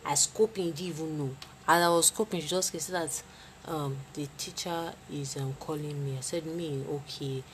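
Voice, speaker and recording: A young woman with a Nigerian accent telling a personal story in a casual, dramatic way, with sudden leaps in pitch. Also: normal speed, slight background noise. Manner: lively, dramatic retelling with sudden jumps in pitch.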